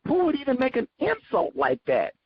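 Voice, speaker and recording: A man hosting a book study show, giving sarcastic, animated commentary as he reads. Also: extremely high pitch, moderate pace, vocal fry, husky, highs cut off. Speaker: host.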